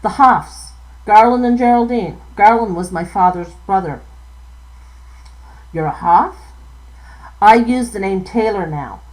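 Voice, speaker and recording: A woman's voice: medium pitch, unhurried, long pauses, a little mellow, close to an everyday voice, rough recording. A woman reading as a polite young city man.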